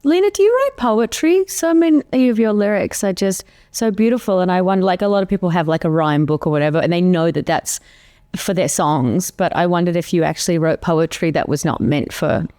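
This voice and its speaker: A woman's voice: on the low side, a little fast, warm tone, dry recording, studio quality. A woman hosting an interview, asking curious questions. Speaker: interviewer, host.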